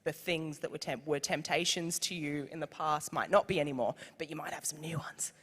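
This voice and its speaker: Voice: medium pitch, steady tone, fairly quick, fairly bright tone, breathy edge. A panelist talking casually and reflectively, peppering sentences with "like". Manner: casual, lots of "like" fillers. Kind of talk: panel discussion. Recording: echoey hall.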